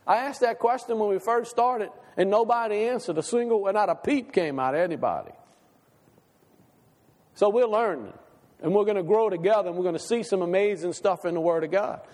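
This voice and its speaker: A man's voice: sits high, a little mellow, in a large hall. A male pastor preaching a sermon, asking the congregation question after question and repeating phrases for emphasis. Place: church sanctuary.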